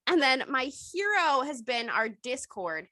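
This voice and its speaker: A young woman co-hosts a casual podcast in a bright, fairly high voice. She rambles from story to story, swears freely and keeps breaking into laughter. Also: big pitch swings, unhurried, no room sound. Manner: profane, rambling, laughs often. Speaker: podcast co-host. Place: outdoors at her mother's home. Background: dog barking and squirrel noises.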